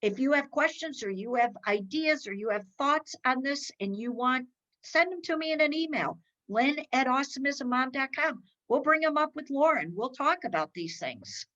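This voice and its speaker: A woman's voice: high-pitched, lively intonation, moderate pace, fairly bright tone, dull audio. A middle-aged woman hosting a podcast in casual conversation. She is chatty and rambling, with many restarts and fillers. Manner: acts out others' lines in quoted voices while telling stories. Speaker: podcast host.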